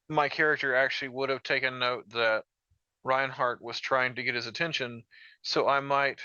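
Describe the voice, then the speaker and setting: An earnest man talks out of character at a tabletop game, in a bright, smooth voice full of fillers. His dry, dull-sounding mic gives it a lo-fi edge. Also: medium pitch, no room sound. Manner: earnest, uses many fillers. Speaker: player. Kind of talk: casual out-of-character table talk.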